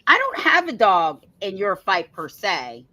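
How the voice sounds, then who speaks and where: A woman's voice: mid-range voice, huge pitch swings, measured pace, bright, forceful tone, low-quality recording. A woman co-hosting a podcast, talking in an irritated, emphatic way and often asking "right?". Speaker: podcast co-host. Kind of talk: casual podcast talk.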